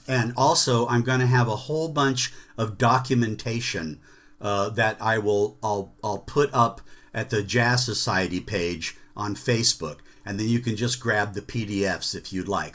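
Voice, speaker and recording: A man teaches a jazz rhythm workshop over a video call. He speaks slowly and deliberately, with a bright, forceful tone. He breaks off into sung rhythm syllables and checks that everyone is following. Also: on the low side.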